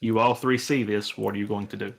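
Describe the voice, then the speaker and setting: A gravelly, fairly low-pitched man talks fairly quickly while game-mastering a tabletop game. He describes the scenes in a laid-back, rambling style with lots of fillers.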